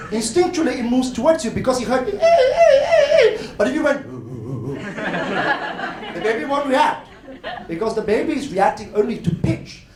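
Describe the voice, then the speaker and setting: A man giving a lively, playful workshop talk at a conference, acting out voices and laughing often. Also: very high voice. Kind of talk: lively educational talk to an audience. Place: hotel conference room. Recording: roomy hall with faint noise.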